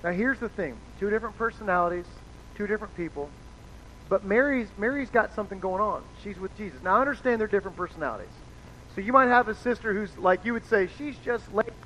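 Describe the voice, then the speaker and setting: A man's voice: high voice, quick pace, pushed and bright. A man preaching a conversational sermon as pastor, casual and chatty, acting out the people he quotes. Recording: dull lo-fi sound with faint noise.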